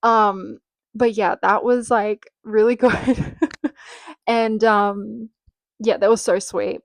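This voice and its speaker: A woman's voice: mid-range voice, little pitch movement, slow, gravelly, dry recording. A young Australian woman hosting a casual solo podcast, chatting with lots of "um" and "like" fillers and casual swearing. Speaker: podcast host.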